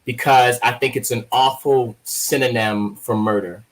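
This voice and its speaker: A man's voice: medium pitch, measured pace, rough recording. A man from Baltimore, a guest poet, chatting casually in an interview and telling joking, profane stories. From Baltimore, USA. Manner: joking, profane, lively storyteller.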